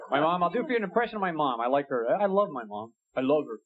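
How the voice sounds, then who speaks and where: Fast-joking young stand-up man. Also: fairly high pitch. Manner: animated, acts out a fight story with rising shouts. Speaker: stand-up comedian. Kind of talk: stand-up comedy set. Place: comedy club stage. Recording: dull lo-fi VHS tape with loud hiss. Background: audience laughter and crowd noise.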